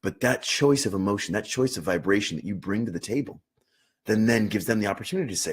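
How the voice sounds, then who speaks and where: Husky-voiced man teaching meditation. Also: lowish voice, expressive, fast talker. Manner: earnest and emphatic, repeats words for stress. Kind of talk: unscripted teaching talk on meditation.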